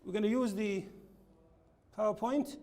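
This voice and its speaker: A man teaching an English lesson, explaining linking words slowly and repeating his examples. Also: high voice, steady tone, darkish tone. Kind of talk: classroom lesson with slides.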